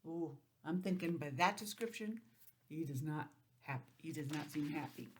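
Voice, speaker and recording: Woman teacher, lowish voice, gentle read-aloud with questions for little kids. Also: expressive, moderate pace, a little hiss or hum. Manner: gentle, explaining and asking questions. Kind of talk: reading a picture book aloud to young children.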